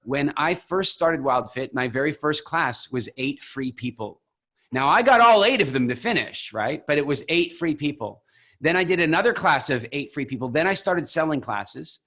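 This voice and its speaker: A man leading a coaching call over video, telling stories with animated, expressive delivery. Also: a little high, normal speed. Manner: animated, expressive storyteller who acts out examples. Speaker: program founder coaching coaches.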